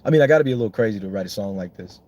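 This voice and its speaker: A man's voice: on the low side, lively intonation, racing, a little mellow. A young man, a songwriter, chatting casually and rambling on with lots of swearing and self-mocking jokes.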